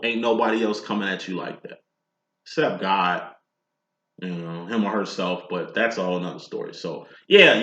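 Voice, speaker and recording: A man talks through a tarot reading in a bright, forceful voice, swearing freely and preaching at his listeners. The sound is roomy and a little muffled. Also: mid-range voice. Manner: profane, streetwise, preachy and animated. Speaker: tarot reader. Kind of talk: casual spoken tarot reading.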